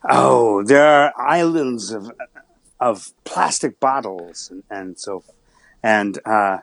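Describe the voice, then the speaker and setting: A man's voice: mid-range voice, slow pace, creaky, no room sound. A man playing a friendly pirate captain in a chat, speaking in his everyday voice, hesitant with many fillers. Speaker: pirate character guest.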